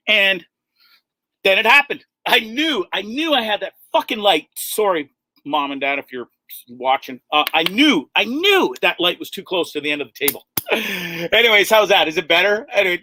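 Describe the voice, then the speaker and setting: A man with a high, bright, sharp voice hosts a loose livestream chat from inside a bus. He rambles, curses freely and keeps laughing at himself. The sound is dry and close, with no room echo. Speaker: livestream host.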